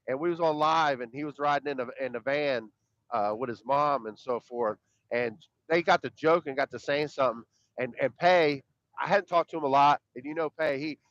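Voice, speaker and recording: A man's voice: fairly high pitch, fairly bright tone, no room sound. A man, co-hosting a podcast in casual, rambling chat, emphatic and profane, often repeating his words. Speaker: podcast co-host. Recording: dull, dry lo-fi sound.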